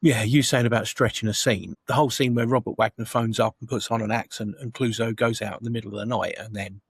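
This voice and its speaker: A man's voice: medium pitch, fairly even intonation, quick pace, husky, no echo. A man co-hosting a podcast, talking through a film in an easygoing, agreeable way. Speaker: podcast co-host. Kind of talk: casual film review chat.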